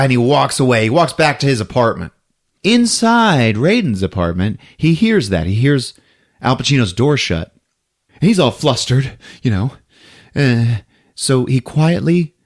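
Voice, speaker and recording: A man on a podcast retelling a film scene by scene, laughing often and acting out the characters' lines. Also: medium pitch. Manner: laughs often, acts out movie lines in quick voices. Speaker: podcast co-host recapping a film. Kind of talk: animated casual retelling.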